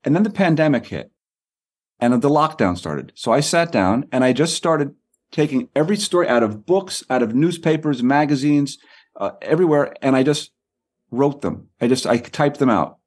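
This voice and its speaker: Man, husky, middle-aged, author guest, lively storytelling, repeats words. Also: mid-range voice. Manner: quick, repeats words and acts out quoted people. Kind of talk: animated anecdotal storytelling.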